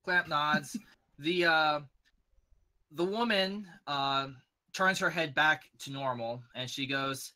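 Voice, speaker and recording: A man's voice: a little high, takes it slowly, sharp tone. A man narrating as game master in a tabletop game, with a loose style full of fillers.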